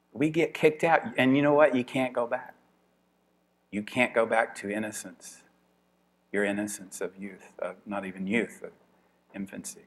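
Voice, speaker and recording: A man giving an informal evening lecture to a class. He talks in a chatty way, laughs often and thinks aloud with restarts. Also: on the low side.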